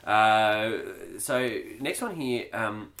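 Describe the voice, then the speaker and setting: A man hosting a church podcast who puts listener questions to his co-host. His voice sits very deep. He talks casually and haltingly, with frequent fillers. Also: lively intonation, fairly bright tone. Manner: casual, hesitant with many fillers. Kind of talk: podcast discussion.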